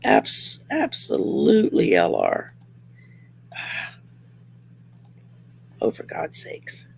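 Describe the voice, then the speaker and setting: A woman's voice: extremely low pitch, wildly swooping pitch, extremely slow, gravelly, a little mellow, slightly rough. A woman with a Southern accent hosting a casual livestream, reading oracle cards in a folksy, rambling way with many fillers. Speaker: host doing oracle card readings. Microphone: home setup by a window.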